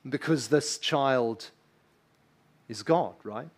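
A man's voice: medium pitch, takes it slowly. Earnest, emphatic man preaching a sermon. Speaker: pastor.

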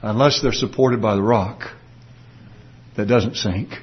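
A man preaching a sermon, explaining a passage earnestly and slowing down to stress his points. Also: fairly low pitch, dull audio. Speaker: pastor.

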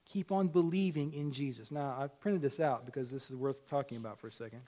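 A pastor in his forties preaches a sermon conversationally, repeating phrases and rising in pitch for emphasis. His voice is mid-range and mellow, and he speaks briskly.

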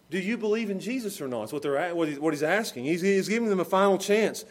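A man's voice: fairly high pitch, quick pace, few pauses. A man preaching a sermon with emphatic delivery, rising and falling in volume, sometimes laughing at his own examples. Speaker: pastor.

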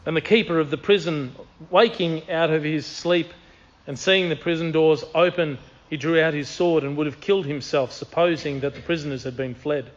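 Male preacher, earnest and emphatic, reads scripture, slightly high voice, dull recording. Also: moderate pace. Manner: earnest, emphatic, repeats key phrases. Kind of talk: sermon with scripture reading.

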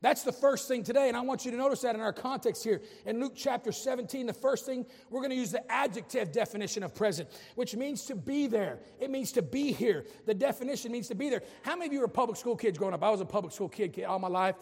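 Preacher guy, real high husky voice, fired up with jokes, big church echo. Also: animated, fast talker, few pauses, darkish tone. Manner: impassioned preaching with humorous asides. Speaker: pastor. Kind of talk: sermon.

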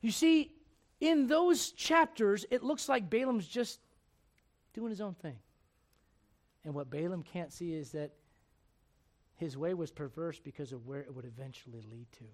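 High-voiced, animated male preacher. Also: normal speed, long pauses. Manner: animated storytelling, rhetorical questions. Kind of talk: sermon.

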